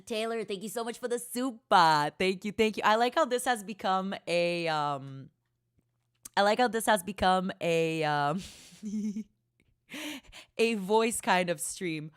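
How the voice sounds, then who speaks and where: A woman's voice: medium pitch, unhurried, smooth, dry recording, studio quality. A woman streamer chatting casually with her audience in a playful motherly persona, calling viewers honey and darling. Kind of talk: casual live-stream chat.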